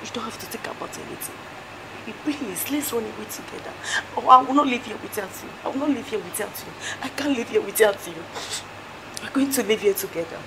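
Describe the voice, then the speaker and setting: A woman's voice: on the high side, fast talker, close to an everyday voice. An actress playing a young woman who pleads with her lover to run away with her, in a film drama. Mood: pleading. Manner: pleading, emotional. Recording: clear background noise.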